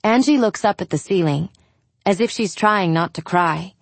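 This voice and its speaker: A woman reading a novel aloud in the first person, telling the story at a measured pace. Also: fairly low pitch, no echo. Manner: slow, measured storytelling with lively intonation. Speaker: audiobook narrator.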